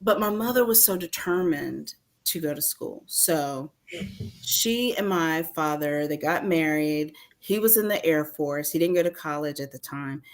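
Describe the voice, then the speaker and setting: A woman's voice: deep voice, a little slow. A woman in her fifties from North Carolina, telling stories as an interview guest and acting out other people's lines. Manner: animated storyteller, acts out others' lines. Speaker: interview guest, author and femininity coach. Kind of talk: casual storytelling interview.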